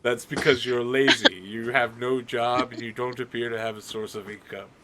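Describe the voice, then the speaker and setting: A man's voice: medium pitch, steady tone, normal speed, over a noisy crowd, lightly acted. A man voicing a pompous, formal animal familiar that talks down to its owner. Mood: haughty. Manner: dry, condescending, formal speech. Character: pompous evolved animal familiar, male, noble and haughty.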